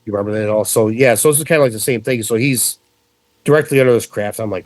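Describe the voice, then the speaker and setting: A middle-aged man from central New York, telling a story as a podcast guest in a casual, animated way with frequent swearing. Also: fairly low pitch, fast, no room sound.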